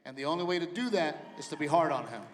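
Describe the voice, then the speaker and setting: A man's voice: on the high side, fast. Stand-up comic man in a big hall. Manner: animated storytelling, acts out family members. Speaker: stand-up comedian. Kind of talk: stand-up comedy routine. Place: large theater with live audience. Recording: live venue reverb, audience noise.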